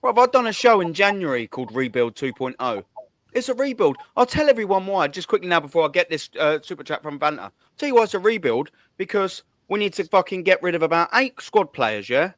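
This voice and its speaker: A man's voice: high-pitched, big pitch swings, a little fast, fairly bright tone, no room sound. A man hosting a fan channel, ranting about football with heavy swearing and hard emphasis. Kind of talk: heated football fan rant.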